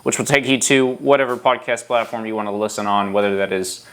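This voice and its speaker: A man's voice: lowish voice, fast talker, a bit bright. A man hosting a motorcycle podcast, talking in a loose, rambling way with frequent restarts. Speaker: podcast host. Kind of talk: casual podcast chat.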